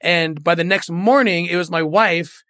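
A man's voice: sits high, moderate pace, sharp tone, no room sound, studio quality. A middle-aged man, a former federal agent, telling his story earnestly and with feeling in an interview. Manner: earnest, emotional, retells quoted dialogue.

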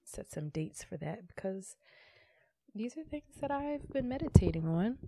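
A woman co-hosting a casual podcast chat, tipsy, loud and playful, getting animated as she talks. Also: medium pitch, unhurried, creaky, no echo, studio quality. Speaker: podcast co-host.

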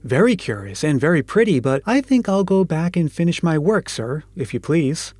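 A man's voice: a little high, big pitch swings, normal speed, a little mellow, husky, no echo. A man voicing a terrified male gravedigger who stammers out his replies in a storybook reading over faint music. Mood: frightened. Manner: stammering, fearful.

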